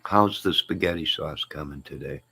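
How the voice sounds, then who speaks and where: A man's voice: very deep voice, normal speed, creaky, sharp tone, husky. A man hosting a casual live stream, reading viewer comments and joking with them in a teasing, chuckling way.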